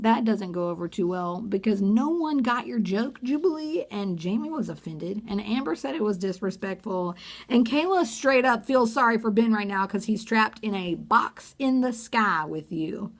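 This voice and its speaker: A woman's voice: a little high, expressive, normal speed. A woman giving a sarcastic, gossipy recap of a reality TV episode in a casual vlog. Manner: sarcastic, gossipy, acts out quotes.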